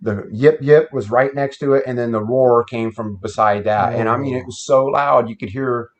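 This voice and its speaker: A man's voice: medium pitch, normal speed. Folksy man telling a campfire story. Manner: plain-spoken, folksy. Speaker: guest telling an encounter story. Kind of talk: casual storytelling. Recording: dull lo-fi sound.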